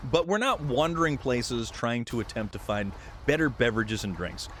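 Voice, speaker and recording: A man's voice: mid-range voice, lively intonation, normal speed, a bit bright, slight background noise. A man live-streaming a game, chatting loosely with viewers, joking and reading out the chat. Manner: rambling, jokey, reads chat aloud.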